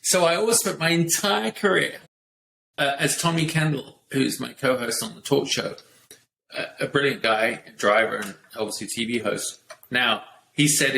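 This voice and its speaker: A British man chats and tells stories with a bright, forceful tone and an easy laugh. His voice carries a noticeable room echo, with a faint hiss underneath. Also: mid-range voice, normal speed, creaky. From Britain. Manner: lively anecdotal storytelling with laughs. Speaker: guest, racing driver and TV host. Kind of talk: casual podcast chat. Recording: echoey room with faint noise.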